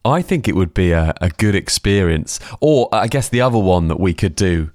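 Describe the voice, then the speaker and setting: Low-voiced man, rambling storyteller. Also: animated, moderate pace, a little mellow, dry recording, studio quality. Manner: rambling, self-deprecating storyteller with many restarts. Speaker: radio co-host. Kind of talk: casual radio chat.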